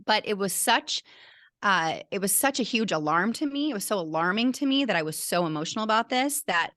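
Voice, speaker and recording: A middle-aged interview guest, both teacher and burnout coach, speaks a little fast in an expressive, medium-pitched, slightly bright voice. Telling a personal story with heartfelt earnestness, she often restarts her sentences, in a dry studio-quality recording.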